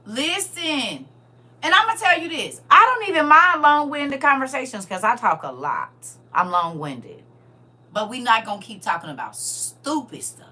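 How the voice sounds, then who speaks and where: A high-pitched middle-aged woman talks at a moderate pace as she hosts a livestream. She chats casually and bluntly with her audience, animated throughout, calling them "y'all" and "baby."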